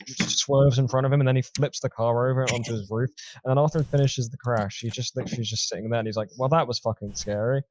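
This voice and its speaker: Joking male host, mellow voice. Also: mid-range voice, steady tone, slight background noise. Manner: quick reactions, joking, swears freely. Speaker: podcast host. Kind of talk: casual chat.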